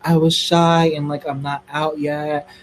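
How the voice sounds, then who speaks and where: A young man telling a story on a livestream in a casual, gossipy way, swearing freely and squealing high when excited. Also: a little slow, low-quality recording.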